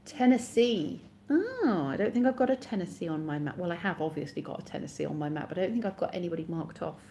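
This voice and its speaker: Chatty woman, mellow voice. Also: fairly low pitch, expressive, fast, a little hiss or hum. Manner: chatty, reads out and answers viewers' comments. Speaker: live streamer. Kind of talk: casual live-stream chat with viewers.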